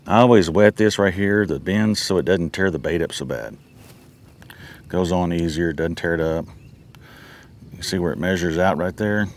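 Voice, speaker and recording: An older man, talking through fishing tips in a folksy, easygoing way from a boat on a lake. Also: low-pitched. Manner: folksy, easygoing, explains step by step. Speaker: angler giving fishing tips. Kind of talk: casual outdoor instruction.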